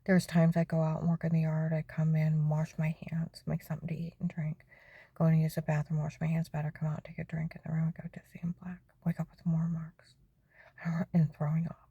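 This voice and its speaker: A woman's voice: low-pitched, completely flat delivery, brisk, vocal fry, dark tone, slightly rough, no echo, lo-fi sound. A middle-aged woman telling her own story in a testimony monologue, keeps asking "okay?" and often drops into a whisper.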